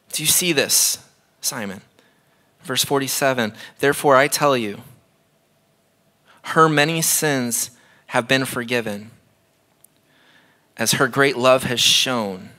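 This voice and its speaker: A man's voice: mid-range voice, takes it slowly, long pauses, pushed and bright. A man in his thirties preaching a sermon in a church, conversational and emphatic, repeating phrases for effect. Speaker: pastor.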